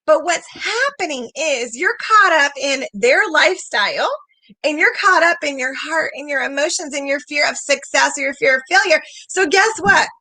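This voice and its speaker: A bright, high-pitched woman coaches her viewers live, her voice swooping up and down as she reads their comments and acts out quotes. The sound is dry and close, with no room around it. She talks with lively, emphatic energy. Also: normal speed, no room sound. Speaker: sales coach hosting a livestream.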